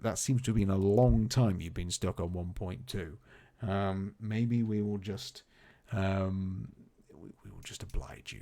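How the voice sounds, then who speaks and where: Male streamer, low gravelly voice, lively pitch, rambling chatty play-by-play, faint music bed. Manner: chatty, rambling, talks to his game characters. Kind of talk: casual live gameplay commentary.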